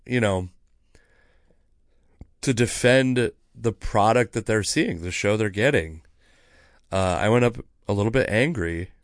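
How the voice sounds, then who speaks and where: A man's voice: lowish voice, no room sound, studio quality. A man hosting his own podcast, casually telling a story about a heckler with lots of swearing. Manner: profane, animated storytelling. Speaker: podcast host, comedian.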